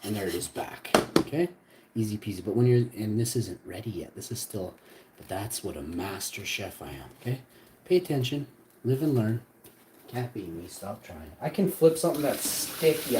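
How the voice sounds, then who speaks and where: A man's voice: on the low side, normal speed, slight background noise. Boastful, foul-mouthed cooking streamer, a man. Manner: boastful, profane and excitable. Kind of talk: casual live cooking stream.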